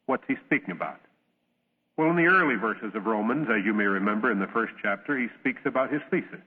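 A man preaching a sermon, reading scripture in a measured, solemn way and telling a parable. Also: fairly low pitch, animated. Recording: tinny old radio broadcast, long reverb.

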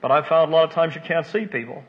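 An older man preaching a folksy, emotional sermon, moving between hushed asides and loud emphasis. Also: on the high side, quick pace. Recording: dull lo-fi recording.

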